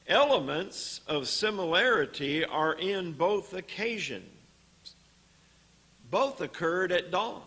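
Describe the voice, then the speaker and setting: A man preaching a sermon in a church, teaching on scripture in a deliberate way with pauses and "uh" fillers. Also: high-pitched, animated, fairly bright tone, breathy edge.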